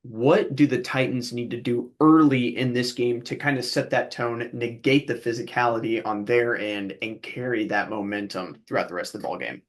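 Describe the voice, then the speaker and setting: A man's voice: medium pitch, normal speed, hardly any pauses. An American play-by-play announcer with a Midwestern accent and a mid-range voice. He hosts a local radio interview with an upbeat, promotional manner. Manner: upbeat, promo-style sign-offs. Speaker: play-by-play announcer and show host.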